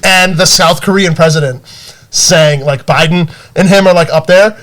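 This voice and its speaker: A man's voice: fairly high pitch, moderate pace. A man co-hosting a podcast, telling stories in casual chat with lots of fillers, restarts and laughs. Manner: animated storytelling, many fillers and restarts. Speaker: podcast co-host.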